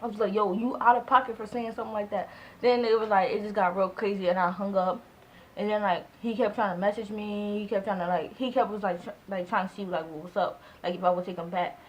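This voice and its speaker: A woman in her twenties telling a storytime vlog in a casual, animated way, acting out both sides of conversations and filling her speech with "like". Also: mid-range voice, quick pace, a little hiss or hum, poor audio. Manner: heavy use of "like" as filler. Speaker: vlogger.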